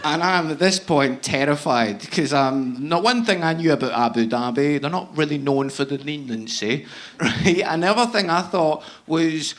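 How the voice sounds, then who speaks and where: Male stand-up comic, slightly high voice. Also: moderate pace. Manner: punchy, deadpan delivery with laughing asides. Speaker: stand-up comedian. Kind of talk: stand-up routine. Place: live comedy venue on stage.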